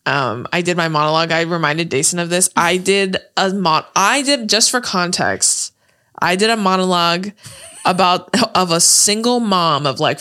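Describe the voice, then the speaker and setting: A woman's voice: fairly low pitch, fairly bright tone. A young adult woman talking casually as a co-host, chatty and swearing freely, with lots of "like" fillers. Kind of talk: casual chat.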